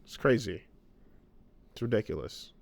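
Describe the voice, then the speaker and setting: A man's voice: lowish voice, expressive, measured pace, vocal fry. A man co-hosting a podcast, chatting casually and profanely and acting out movie scenes. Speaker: podcast co-host. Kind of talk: casual chat.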